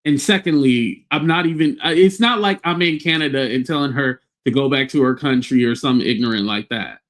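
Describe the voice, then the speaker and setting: A man's voice: medium pitch, brisk, fairly bright tone. A man hosting a livestream, ranting bluntly and scornfully with plenty of profanity. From United States. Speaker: livestream host. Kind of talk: casual livestream rant.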